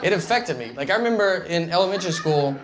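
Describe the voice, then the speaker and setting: A man doing a stand-up comedy set, telling rambling stories in a deadpan, understated way, full of fillers. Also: sits high, quick pace. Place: large theater stage with a live audience. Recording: reverberant hall with audience noise.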